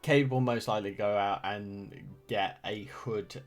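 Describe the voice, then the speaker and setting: A man's voice: lowish voice, fairly even intonation, a little slow. A man as a player in an online tabletop game, easygoing and joking. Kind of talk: casual tabletop play.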